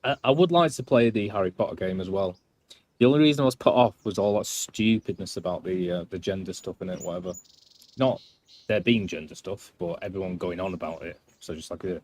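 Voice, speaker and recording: Playing a game live, a non-American male streamer chats in a loose, rambling way. His low voice has a darkish tone and runs a little fast.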